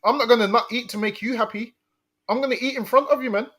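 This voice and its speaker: High-voiced blunt male co-host. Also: quick pace, sharp tone, slightly rough. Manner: blunt, emphatic, repeats himself. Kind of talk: casual commentary chat.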